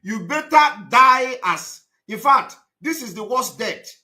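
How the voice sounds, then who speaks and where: Emphatic high-pitched man. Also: lively intonation, slow. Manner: emphatic, repetitive, with shouted outbursts. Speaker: activist broadcaster. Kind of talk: live broadcast monologue.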